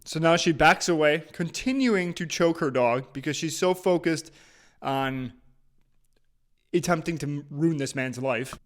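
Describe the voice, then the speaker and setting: A man's voice: a little high, a little slow. A man giving casual, emphatic reaction commentary on a video clip, with restarts now and then.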